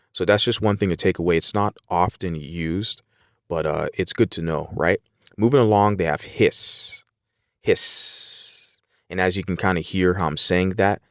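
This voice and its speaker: A man's voice: low voice, no room sound, studio quality. A man teaching a casual English lesson, explaining words with everyday examples and plenty of fillers.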